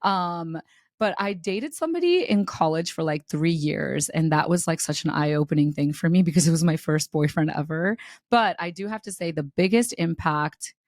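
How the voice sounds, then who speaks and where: A young adult woman on a podcast, telling a personal story in a candid, animated way, laughing as she goes and swearing freely. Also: sits low, normal speed, no echo, clean studio sound. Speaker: podcast co-host. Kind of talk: casual podcast chat, storytelling.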